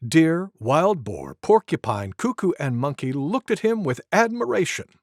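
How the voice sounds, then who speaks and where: A woman reading a picture book aloud to toddlers in an animated storytelling voice. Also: sits low, unhurried, no room sound, clean studio sound. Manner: animated, sing-song.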